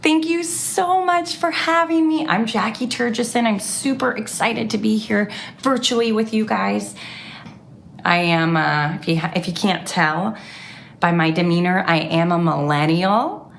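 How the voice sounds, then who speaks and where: A woman comedian doing stand-up remotely, with slow, deadpan, self-mocking delivery. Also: mid-range voice, gravelly, slight background noise.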